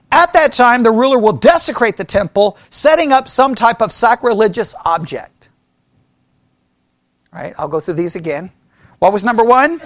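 High, lively male Bible study teacher. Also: no echo, clean studio sound. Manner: animated, talks to the class with frequent "right?" checks; mimics opponents in mocking quoted voices.

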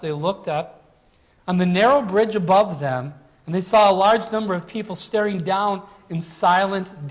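Man with a high voice preaching a sermon, earnest and emphatic, drags out the big words. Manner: earnest, emphatic preaching with deliberate slowed phrases.

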